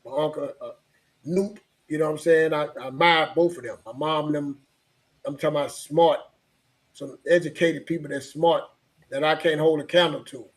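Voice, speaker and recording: A man's voice: fairly high pitch, steady tone, normal speed. A man telling a personal story in casual podcast chat, rambling and repeating himself, with frequent laughs.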